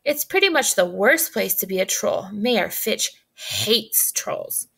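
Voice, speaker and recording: A woman's voice: medium pitch, big pitch swings, slow pace, creaky, pushed and bright, husky, heavily acted. A woman voicing an eager young boy who blurts out questions awkwardly in a storybook reading.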